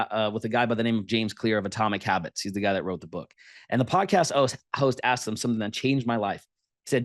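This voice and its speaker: Male entrepreneur guest, lively storyteller, mid-pitched, dry recording. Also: brisk, dry recording. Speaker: guest, podcast booking entrepreneur. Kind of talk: storytelling interview talk.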